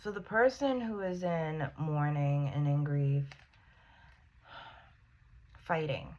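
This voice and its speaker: Tarot reader, female, earnest and chatty, lowish voice, unhurried delivery. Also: steady tone, a little mellow, dull audio. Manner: conversational, filler-heavy, earnest. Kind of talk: casual tarot reading.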